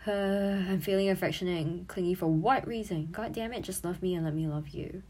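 A woman's voice: fairly low pitch, fairly quick, darkish tone. A woman in her twenties, an audio creator and streamer, chatting casually and giggling as she looks back on her old posts, swearing freely.

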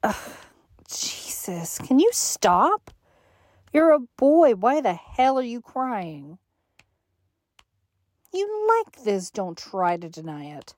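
A woman voicing a cruel, contemptuous, domineering young woman in an audio role-play, with heavy sighs and hushed asides. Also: medium pitch, no room sound, clean studio sound.

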